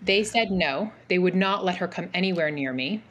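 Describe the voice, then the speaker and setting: A woman in her forties telling a personal story as a podcast guest, animated and rambling, with many fillers and restarts. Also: fairly low pitch, moderate pace, highs cut off, slight background noise. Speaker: podcast guest, mental health practitioner. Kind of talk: casual interview storytelling.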